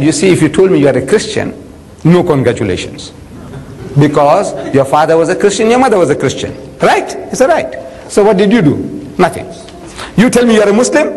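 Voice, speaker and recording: An older man giving a religious lecture, telling stories with humour and acting out the dialogue. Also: high voice. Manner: lively storytelling, acts out dialogue with humour. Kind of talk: lecture to an audience. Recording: long reverb of a hall.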